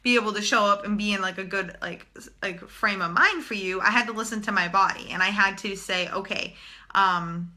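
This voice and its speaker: A woman's voice: mid-range voice, brisk, pushed and bright. A young woman talking casually and bluntly to viewers in a live stream, swearing freely as a spiritual channeler.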